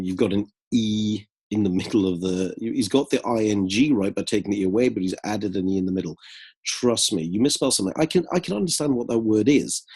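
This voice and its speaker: Man, lowish husky voice, brisk corrective teaching, essay feedback. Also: a little mellow. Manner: brisk, corrective, reads essay lines aloud. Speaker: English writing tutor.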